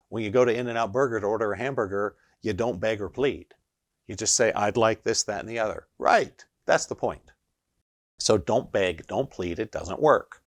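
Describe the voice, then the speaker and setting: A man teaches energy healing straight to camera, speaking with emphasis and pausing for rhetorical checks. His voice sits a little low. The sound is dry, with no room echo. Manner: emphatic, keeps asking rhetorical "right?". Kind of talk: instructional video monologue.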